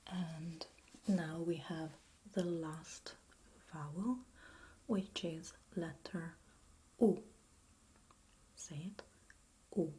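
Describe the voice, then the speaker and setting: A woman's voice: sits low, mellow, breathy edge. An Italian woman with an Italian accent, whispering a patient language lesson as ASMR, drawing out words for the listener to repeat. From Italy. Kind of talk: whispered role-play.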